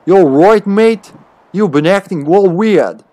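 A man's voice: high voice, lively intonation, takes it slowly, warm tone, voice pushed up. A man putting on a rowdy young male game hero with a brash, cursing manner.

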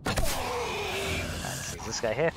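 A young man giving a let's play commentary, chatting as he plays with sudden excited exclamations. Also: extremely high pitch, very slow, very noisy. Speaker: gaming video host. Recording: game sounds with insect buzz behind.

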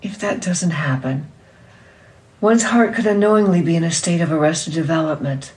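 A woman's voice: sits low, darkish tone, recorded from a distance, poor audio. Woman reading a novel aloud, slightly off mic. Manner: measured storytelling, voicing characters' lines. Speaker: reader.

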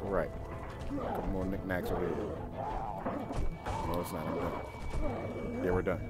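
A man streaming a video game, giving blunt, profane, excitable play-by-play commentary. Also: sits low, normal speed. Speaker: gaming streamer. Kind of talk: casual let's-play commentary. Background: game music.

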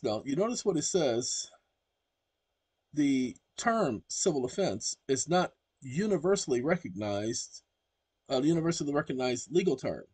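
Male host, emphatic lecturing monologue, husky voice, a bit high-pitched. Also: a little mellow, no room sound. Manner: emphatic and preachy, keeps addressing the audience directly. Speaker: channel host. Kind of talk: casual explanatory monologue.

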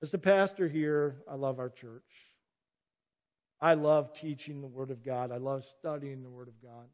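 A middle-aged pastor preaches earnestly and emphatically, often cutting in with "listen" to drive a point home. His voice is mid-range, moderately paced and a little mellow, with long reverb from the church sanctuary.

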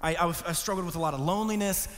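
A young man preaching a sermon, telling a personal story, swinging between hushed lows and pleading highs. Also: rapid-fire, big-room sound. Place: church hall.

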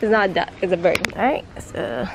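A woman's voice: fairly low pitch, fairly quick. A woman vlogging at an outdoor park, chatting playfully with her toddler in a coaxing, sing-song way. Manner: playful, coaxing baby talk with a lively sing-song lilt. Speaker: vlogger and mother. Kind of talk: casual vlog talk to her toddler. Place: outdoor park and wildlife reserve. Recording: noisy outdoor ambience. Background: outdoor ambience and animals.

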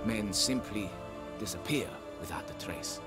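A man's voice: on the low side, measured pace, close to an everyday voice. An actor playing a haughty male nobleman who demands deference while hiring a monster hunter. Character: pompous haughty male nobleman, vineyard owner. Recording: game audio with music underneath.

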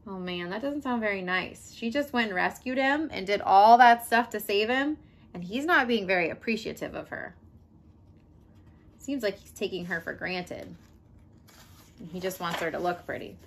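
Lively woman reading a picture book to kids. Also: medium pitch, moderate pace. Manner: gentle, chatty with kids. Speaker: children's read-aloud host.

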